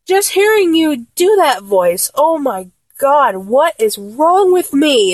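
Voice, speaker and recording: A young woman with a fairly high voice, talking slowly and breathlessly to an unseen partner in an intimate audio role-play. Her pitch leaps around a lot, from low murmurs to giddy squeals. The sound is close and dry, with no room around it. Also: sing-song, no room sound.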